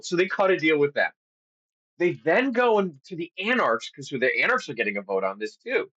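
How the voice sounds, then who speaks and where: Animated male storyteller, lo-fi audio. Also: fairly high pitch, a little fast, husky. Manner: animated storyteller, acts out quotes, swears casually. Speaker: podcast co-host. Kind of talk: casual storytelling chat. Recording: dull lo-fi audio.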